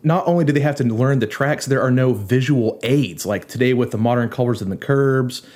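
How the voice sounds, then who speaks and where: A man speaking as a panelist in a casual podcast discussion, telling stories with quick jokes. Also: medium pitch, darkish tone.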